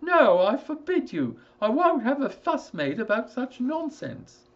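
A man reading a story aloud, voicing a frightened, obstinate older gentleman who stammers and blusters. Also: very animated, a little slow, dull audio, heavily acted. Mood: blustering. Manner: shrill, stammering outbursts.

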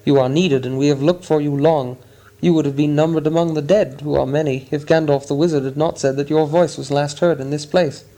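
A man's voice: a little high, fairly even intonation, fairly quick, mellow, natural voice. A man reading an audiobook, voicing a stern male soldier who speaks steadily and formally. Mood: steady. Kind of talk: audiobook character voice.

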